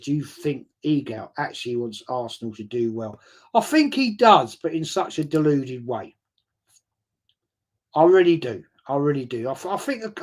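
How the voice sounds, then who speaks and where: Chatty man telling a story. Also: a little high. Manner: swears freely, animated, stumbles and repeats words. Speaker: streamer answering viewer questions. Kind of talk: casual storytelling chat. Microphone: streaming setup mic.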